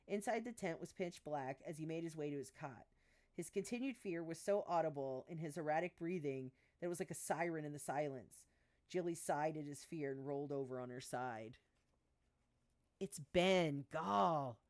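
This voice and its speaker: Low-voiced woman reading her book aloud. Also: a little fast, a little mellow. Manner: reads dialogue with small voice shifts, stumbles and restarts, laughs at her own asides. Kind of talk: live-streamed book reading.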